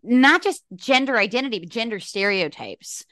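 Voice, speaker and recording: A woman hosting a podcast in casual conversation, animated and emphatic. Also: fairly high pitch, moderate pace, no room sound, studio quality. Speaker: podcast host.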